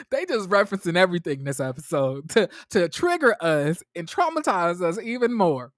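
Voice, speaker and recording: A man hosting a casual TV recap vlog, retelling scenes in an animated, gossipy way and acting out quotes. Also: sits high, a little fast, dry recording, studio quality. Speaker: TV review host.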